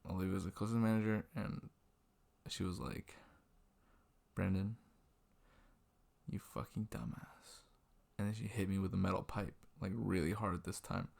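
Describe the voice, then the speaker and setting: Young male vlogger, deep and gravelly, rambling and self-deprecating, webcam at night. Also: little pitch movement, brisk, darkish tone. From Washington state, US. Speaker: restaurant server telling a work story. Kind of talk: casual storytelling vlog. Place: indoors at a computer, late at night. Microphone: webcam mic.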